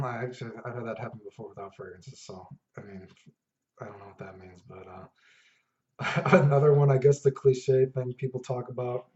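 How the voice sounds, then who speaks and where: Casual male vlogger, rambling storyteller, warm dark voice, dull lo-fi echoey recording. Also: mid-range voice. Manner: rambling, laid-back, many fillers and asides. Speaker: fragrance vlogger. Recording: echoey room, dull lo-fi sound.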